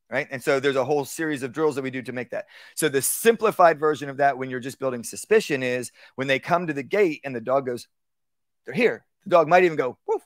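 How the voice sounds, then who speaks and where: Man teaching dog training, dry sound. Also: no room sound. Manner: conversational, acts out commands in a low calm voice. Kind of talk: live workshop talk. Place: outdoor workshop.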